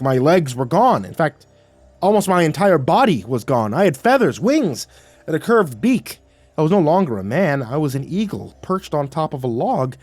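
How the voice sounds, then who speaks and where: A man of medium pitch narrates a first-person horror story, throwing in casual profanity and vivid detail. Soft music plays faintly behind his voice. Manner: vivid, profane, grows excited.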